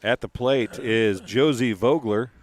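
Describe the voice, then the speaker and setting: A man doing casual live play-by-play commentary, chatty and quick to laugh between calls. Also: mid-range voice.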